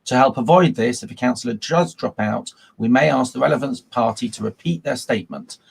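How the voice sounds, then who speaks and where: A man chairs a formal virtual council meeting, talking through procedural points at a mid pitch. His voice is husky, with a gravelly fry at the ends of phrases, and he fills pauses with ums and uhs. He is heard through a video call mic. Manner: reads procedural script with frequent ums and uhs.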